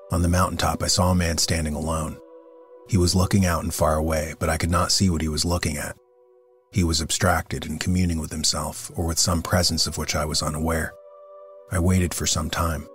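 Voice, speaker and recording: Man reading an audiobook, really deep voice, pretty monotone, measured and solemn. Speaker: audiobook narrator. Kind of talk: scripted narration.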